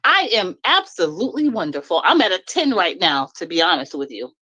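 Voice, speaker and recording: A middle-aged woman venting bluntly in a casual live-stream chat, laughing often and jumping high in pitch when she gets indignant. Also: big pitch swings, fairly quick, bright, forceful tone, husky, dry recording. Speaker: guest speaking on a live stream.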